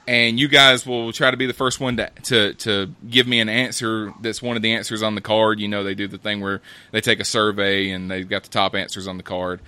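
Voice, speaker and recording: Bright, chatty male podcast host. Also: fairly low pitch, clear, resonant tone, dry recording. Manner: chatty, laughs often, loose self-correcting delivery. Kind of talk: casual chat. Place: home setup on a remote call.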